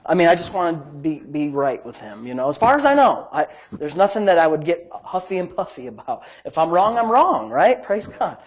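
A man's voice: a little high, very animated, a little fast, hardly any pauses, husky. A man pastor preaching a sermon in an emphatic, exclamatory way.

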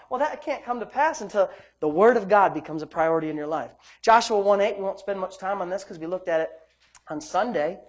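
A man preaching a sermon as pastor, fervent and exclaiming praise between verses. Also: sits high.

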